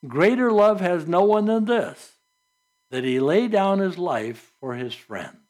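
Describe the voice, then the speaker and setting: A man preaching a sermon as pastor, reading scripture and adding earnest, conversational asides with soft laughs. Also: high-pitched, lively intonation, slow.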